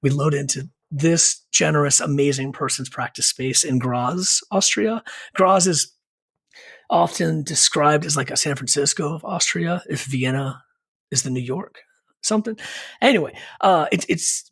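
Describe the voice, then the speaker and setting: A man's voice: fairly high pitch, measured pace, gravelly, fairly bright tone, husky. A middle-aged man, a punk band singer who is a podcast guest, telling a long rambling story in casual chat, with many fillers and asides. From Richmond, Virginia, US.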